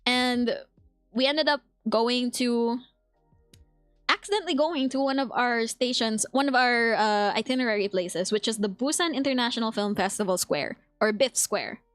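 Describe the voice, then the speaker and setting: Young filipino woman chatting on stream, laughs a lot, kinda high voice, dry close sound. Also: normal speed, clean tone, no echo, faint music behind. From Philippines. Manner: giggly, laughs often; reads chat aloud and answers it. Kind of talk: casual chat.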